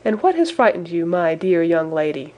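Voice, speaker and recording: An oily, overly soothing country gentleman whose smile hides a threat, voiced by a woman reading aloud. His coaxing tone sits on the lower side. He is too caressing to be trusted. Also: animated, moderate pace, lo-fi sound. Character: smiling, menacing middle-aged country gentleman.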